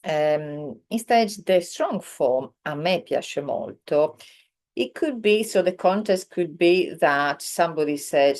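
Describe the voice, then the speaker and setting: A woman's voice: sits low, animated, slow pace, darkish tone. A woman teaching a beginners' online language lesson, explaining patiently with many ums and self-corrections. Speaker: Italian teacher.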